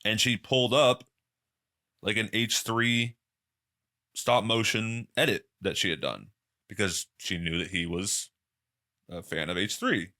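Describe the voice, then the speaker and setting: Male podcast host, low-ish bright voice, loose rambling solo commentary. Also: steady tone, unhurried, long pauses. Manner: loose, rambling, quotes people in exaggerated high voices.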